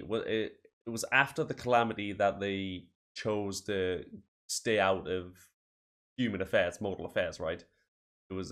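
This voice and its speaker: Low-voiced man reacting excitedly. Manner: excitable, thinking aloud. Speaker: video reactor. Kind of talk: casual reaction commentary.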